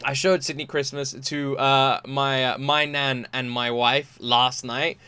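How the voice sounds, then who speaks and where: A man's voice: medium pitch, little pitch movement, a little slow, sharp tone, clear, resonant tone. A young British man hosting a reaction video, gushing and exclamatory, often breaking into laughter. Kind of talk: casual reaction commentary.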